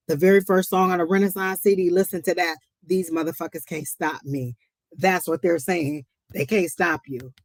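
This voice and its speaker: A woman's voice: fairly low pitch, no echo. A woman hosting a live psychic reading stream, speaking emphatically, repeating phrases for effect and breaking into chatty asides to her viewers. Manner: chatty asides, exclaims to the Lord. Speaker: psychic reader and livestream host.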